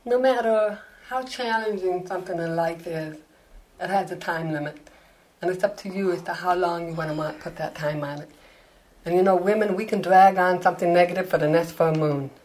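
An older woman, an author being interviewed, telling animated self-mocking anecdotes and acting out the dialogue. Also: fairly low pitch, brisk, rough recording. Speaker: author guest. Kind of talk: interview storytelling.

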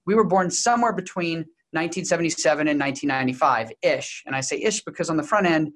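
A young Texan man, appearing as a guest researcher in an interview, explains generations and shares a personal story. He answers in a brisk, lecturing manner, his voice on the high side and fairly bright.

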